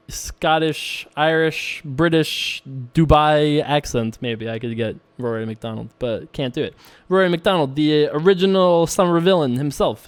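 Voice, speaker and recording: A talkative man with a voice slightly higher than usual keeps up easygoing banter while he plays poker online. He jokes at his own expense and laughs often. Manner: chatty, joking, laughs often. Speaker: poker vlogger. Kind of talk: casual commentary while playing online poker.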